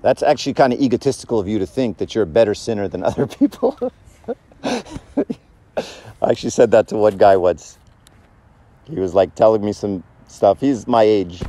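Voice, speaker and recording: A man's voice: on the low side, sing-song, moderate pace, pauses often, mellow. A man giving a casual, conversational sermon, joking and asking the audience questions. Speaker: church speaker.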